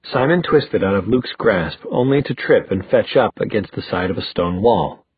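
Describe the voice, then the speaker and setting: A low-voiced man with a husky tone reads an audiobook, steady and measured. The recording is tinny and phone-like, completely dry with no room sound. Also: no echo. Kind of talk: scripted audiobook narration.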